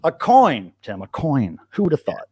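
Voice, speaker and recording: An American man hosting a casual livestream, rambling and animated as he chats with a co-host. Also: mid-range voice, moderate pace, slight background noise. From United States. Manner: rambling, animated, talks to his cat in a soft baby voice. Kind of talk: casual live-stream chat.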